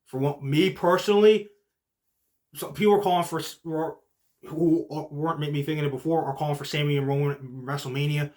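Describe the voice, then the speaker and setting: A young man hosting a casual podcast recap, excitable and full of "like" and "literally", swinging from low muttering to shouting. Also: brisk. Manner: heavy use of filler like "like" and "literally". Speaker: podcast host.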